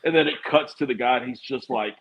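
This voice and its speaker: Male co-host, enthusiastic, laughs a lot, slightly raspy, lo-fi mic. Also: mid-range voice, brisk. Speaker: podcast co-host. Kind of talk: casual chat.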